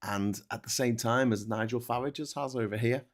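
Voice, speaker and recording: A man's voice: medium pitch, moderate pace. A man hosting a casual chat show, chatty, swearing freely and laughing often. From England. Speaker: host.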